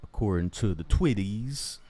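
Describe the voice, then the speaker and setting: A man's voice: fairly low pitch, animated, a little slow, dark tone. A man ranting in a commentary vlog, confrontational and mocking, swearing heavily. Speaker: commentary vlogger.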